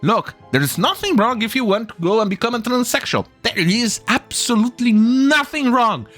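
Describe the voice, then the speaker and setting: Man, commentary host, scornful profane rant, sharp bright tone, faint music underneath. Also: extremely high pitch, lively intonation, moderate pace. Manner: stumbles and restarts often. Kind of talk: ranting video commentary.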